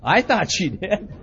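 A man with a high voice preaches a sermon, telling animated personal stories and acting out both sides of the dialogue. The recording is dull and lo-fi. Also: slight background noise. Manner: animated storytelling, acts out quoted dialogue, chuckles at himself.

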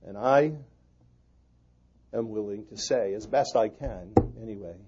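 A pastor preaching an earnest sermon to fellow pastors. His delivery swings from loud emphasis to hushed prayer. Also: fairly low pitch, measured pace, slightly rough, lo-fi sound.

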